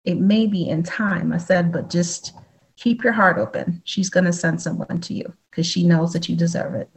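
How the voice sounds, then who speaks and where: A woman guest in an interview telling stories in a lively way, acting out the dialogue as she goes. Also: on the low side, moderate pace, husky, poor audio. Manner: animated, acts out dialogue in storytelling. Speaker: guest, psychic medium. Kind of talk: conversational storytelling.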